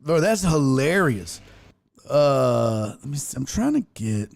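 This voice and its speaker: A man's voice: slow pace, vocal fry. A man hosting a show, casually commenting on a video with profane jokes and mimicking the people in it. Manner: animated, profane, mimics people in high voices. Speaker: show host.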